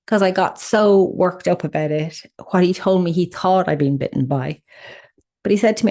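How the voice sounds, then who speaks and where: Low-voiced woman telling a story. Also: a little fast. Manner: expressive, animated storyteller. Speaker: podcast host. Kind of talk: personal storytelling podcast.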